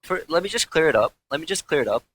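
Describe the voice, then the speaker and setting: A young man, a former pro gamer, telling a candid, swearing story in casual talk with frequent halting restarts. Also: fairly high pitch, sing-song, fairly bright tone, a little hiss or hum, rough recording.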